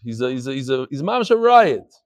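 A man leading a Talmud class, giving lively announcements and calling people up, his talk peppered with Yiddish and Hebrew terms. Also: mid-range voice, fast, no room sound, studio quality.

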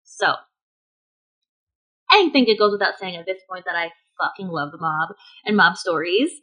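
A woman's voice: fairly low pitch, animated, moderate pace, bright, forceful tone, highs cut off. Chatty opinionated woman podcast host. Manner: chatty and opinionated, laughs often. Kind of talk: casual chat.

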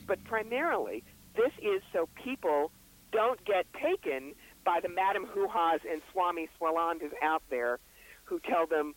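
A man with a brisk, wry storytelling manner, the psychic author and reverend being interviewed on a radio show. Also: sits high, expressive, low-quality recording. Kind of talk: interview guest.

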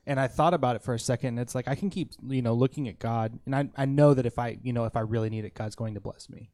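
Male co-host, reflective, halting delivery, middle pitch, dry studio sound. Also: darkish tone, dry recording. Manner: thoughtful, hesitant, many ums. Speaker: podcast co-host. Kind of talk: casual faith talk.

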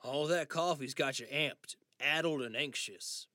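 A male narrator voicing an ailing father facing memory loss, who speaks in a steady, gently insistent way in an audiobook reading. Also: a little high, a little slow, no room sound, studio quality. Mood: scolding.

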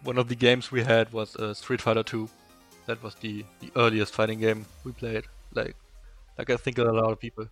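A young man from Eastern Germany with a strong German accent, a native German speaker, chatting as a podcast guest and telling stories haltingly with many fillers. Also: mid-range voice, level tone, soft background music. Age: young adult. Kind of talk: casual interview chat.

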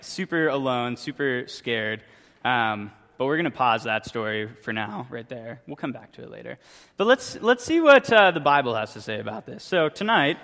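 Chatty young man preaching in a hall. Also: medium pitch. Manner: chatty, joking, lively storytelling. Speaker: youth pastor. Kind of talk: casual youth sermon with story. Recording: long reverb from a hall.

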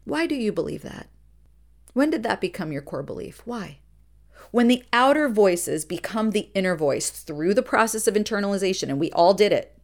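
A middle-aged woman therapist hosting a reflective podcast monologue, earnest and emphatic, slowing down to stress points and speeding through asides. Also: mid-range voice, expressive. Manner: earnest and emphatic, shifting between slow deliberate stresses and quick asides.

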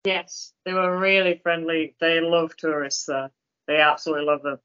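A woman's voice: low-pitched, steady tone, moderate pace, fairly bright tone, dull audio. A woman on a casual running podcast, recounting a trip in a matter-of-fact way. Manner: matter-of-fact, refuses to do accents. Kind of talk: casual chat.

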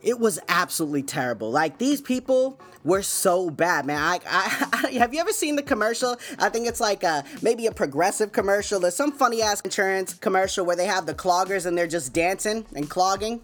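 A man's voice: high voice, expressive, normal speed, fairly bright tone, faint music behind. A man hosting his podcast, telling stories in a loose, laid-back way and chuckling often. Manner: laid-back and chatty, peppering talk with "man" and "you know what I'm saying". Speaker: podcast host. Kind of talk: casual storytelling monologue.

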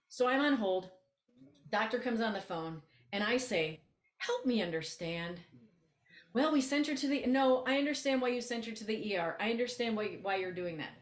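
A woman co-hosting a podcast, telling a story in casual chat, blunt and animated, acting out both sides of a conversation. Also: fairly high pitch, brisk, roomy sound. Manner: animated, blunt, acts out quoted exchanges. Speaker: podcast co-host, coach.

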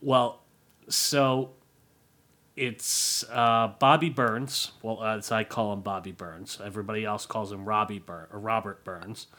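A middle-aged man co-hosting a podcast in casual chat, explaining things with a dry, deadpan humor. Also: lowish voice, a little slow. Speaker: podcast co-host.

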